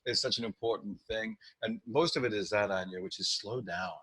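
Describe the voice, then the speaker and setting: Husky-voiced man, animated sales trainer. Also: on the low side, a little fast, no room sound. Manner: animated, frequent restarts, acts out client lines. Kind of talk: podcast interview.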